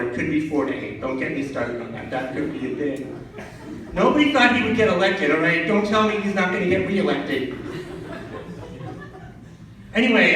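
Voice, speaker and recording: A man's voice: fairly bright tone, a little hiss or hum. A man from Vermont doing a stand-up comedy set, sarcastic and ranting, filmed from across a small club. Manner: sarcastic, ranting, jumps up high for mocking voices. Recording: echoey club filmed from a distance.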